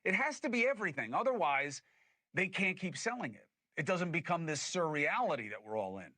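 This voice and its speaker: A man's voice: on the high side, sing-song, brisk, pushed and bright, no echo. A man hosting a political commentary show, arguing his points emphatically and putting things in plain terms. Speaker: host.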